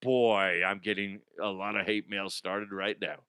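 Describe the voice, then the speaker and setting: A man's voice: fairly low pitch, steady tone, measured pace, pushed and bright, clear, resonant tone, no echo. A man hosting a comedy news show, rambling and profane, often dropping into silly put-on voices.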